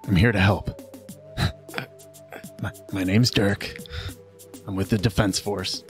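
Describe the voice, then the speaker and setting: A steady defense force agent in a tabletop game, voiced by a man. He keeps his low voice hushed and calm, coaxing and reassuring as he gives quiet orders. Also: slow, pauses often, faint music behind.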